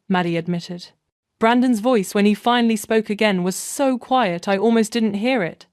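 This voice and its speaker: Gentle woman narrating a story. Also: mid-range voice, clean tone, no echo, studio quality. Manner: gentle, measured. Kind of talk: scripted first-person story narration.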